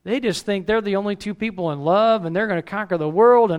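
High-voiced man preaching a chatty sermon. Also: fast talker, hardly any pauses, smooth. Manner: conversational preaching with rhetorical questions. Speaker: pastor.

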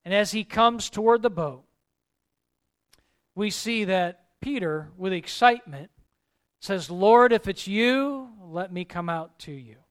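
A male pastor with a high, smooth, resonant voice delivers a sermon. He swings between emphatic, rising calls and quiet, soft asides. His tone stays preacherly throughout. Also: expressive, slow pace.

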